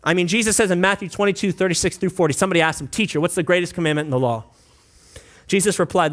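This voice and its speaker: A male pastor delivers a sermon in a high, light voice. He talks casually and conversationally, throwing in asides and prompts to the congregation. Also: fast talker. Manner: breaks into singing and playful mock voices.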